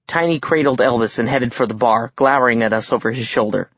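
A man's voice: mid-range voice, fast, fairly bright tone, slightly rough, no room sound. A man reading an audiobook aloud in a wry storytelling manner. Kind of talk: audiobook narration. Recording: dry, dull audiobook recording.

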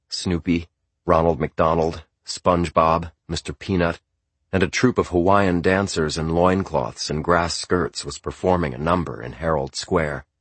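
A male audiobook narrator with a very deep, husky voice, reading in a measured and restrained manner. The recording is close and dry, with no room sound. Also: dry recording. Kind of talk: scripted narration.

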